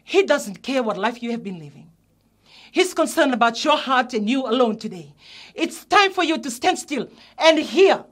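A woman pastor preaches in a high, light voice. She tells her testimony earnestly and rises into emphatic calls to her listeners. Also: sing-song, normal speed. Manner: earnest storytelling, rising to emphatic exhortation. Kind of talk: testimony sermon.

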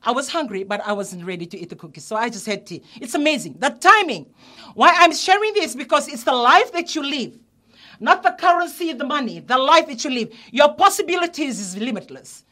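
A woman pastor preaches in a high, light voice. She tells her testimony earnestly and rises into emphatic calls to her listeners. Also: big pitch swings, brisk, sharp tone. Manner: earnest storytelling, rising to emphatic exhortation. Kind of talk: testimony sermon.

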